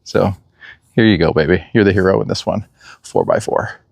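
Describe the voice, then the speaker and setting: A man casually telling the story of a hunt, animated and laughing as he acts out what was said. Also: deep voice, normal speed, gravelly, dry recording.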